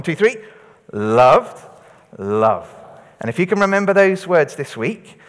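Speaking in a large church hall, a man of medium pitch leads an all-age church talk. He keeps it lively and interactive, drawing words back from children and adults in call-and-response.

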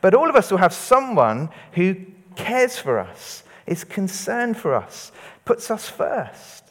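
A man's voice: high-pitched, slow pace, in a large hall. A man preaching an all-age church talk, getting children and adults to say words back to him. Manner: lively, interactive, leading call-and-response. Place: church hall.

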